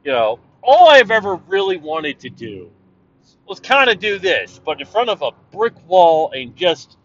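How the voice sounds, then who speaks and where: A man from Canada, loud and profane, rambling through a casual monologue while driving. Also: sits high. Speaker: vlogger. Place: driving in a car. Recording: dull lo-fi sound, car noise.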